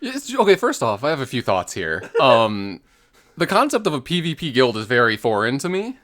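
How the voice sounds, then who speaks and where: A man co-hosting a casual gaming podcast, chatting in a relaxed way with lots of fillers. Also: mid-range voice, normal speed. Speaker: podcast co-host.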